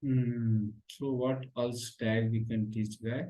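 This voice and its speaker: A man's voice: mid-range voice, steady tone, takes it slowly, hardly any pauses, mellow, roomy sound, low-quality recording. A man teaching a beginner HTML lesson, repeating phrases and calling the class "guy". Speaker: programming teacher. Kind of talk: screen-share coding lesson.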